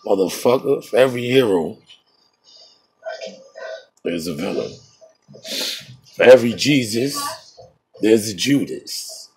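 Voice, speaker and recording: A man's voice: medium pitch, sing-song, takes it slowly, long pauses, darkish tone, slightly rough. A man streaming a game and trading profane, boastful taunts, breaking into laughter at his own jokes. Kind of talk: trash-talking commentary over a game.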